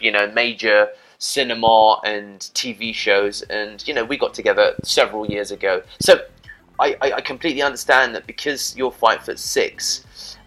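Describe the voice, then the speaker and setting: A man's voice: mid-range voice, pushed and bright, poor audio. A man giving dating advice in a casual, rambling monologue to camera, often adding "you know" and "right?". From Britain.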